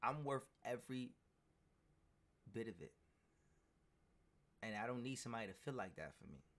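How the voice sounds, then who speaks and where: Emphatic male streamer with a bright edge. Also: medium pitch, lively intonation, moderate pace. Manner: preachy and emphatic, repeats words, builds to shouting. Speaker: streamer giving a motivational talk. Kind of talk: motivational pep talk on a live stream.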